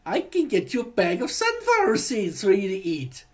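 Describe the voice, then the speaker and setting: Man, chatty vlogger, halting, lots of restarts, very lively pitch, warm terms of endearment. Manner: rambling, halting, many restarts; affectionate, addresses partner as honey. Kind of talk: personal video message.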